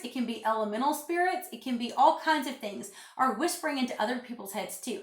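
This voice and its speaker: A woman's voice: fairly high pitch, roomy sound. Emphatic woman preaching into a phone. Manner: emphatic, preachy, repeats phrases for stress. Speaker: spiritual vlogger. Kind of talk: casual vlog monologue.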